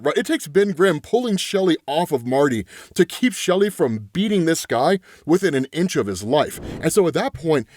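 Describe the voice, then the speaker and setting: A man's voice: a little high, normal speed, hardly any pauses, dry recording, studio quality. A man casually recapping a comic book story as a host, tagging his lines with "right?" and retelling the dialogue in his own voice. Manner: animated, tags lines with "right?" and "like".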